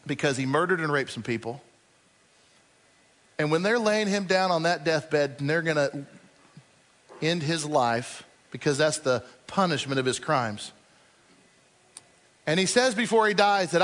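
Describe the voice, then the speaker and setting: High-voiced preacher in a reverberant hall. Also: male voice, normal speed, long pauses, fairly bright tone. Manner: storytelling, acting out quoted speakers. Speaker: pastor. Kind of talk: sermon.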